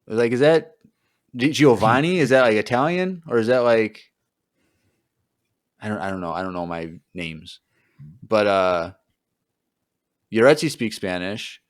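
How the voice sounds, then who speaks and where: A man's voice: fairly low pitch, measured pace, long pauses, no room sound, studio quality. A man co-hosting a podcast, chatting casually and self-deprecatingly with plenty of fillers. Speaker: podcast co-host.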